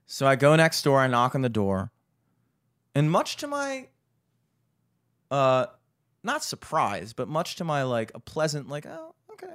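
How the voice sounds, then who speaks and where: A man casually telling a long story, animated and profane, acting out the voices of the people in it. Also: mid-range voice, measured pace, pauses often, clean tone, dry recording, studio quality.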